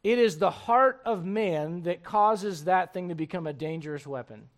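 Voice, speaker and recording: A man preaching a sermon as pastor of a church, emphatic and swinging between loud bursts and low asides. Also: moderate pace.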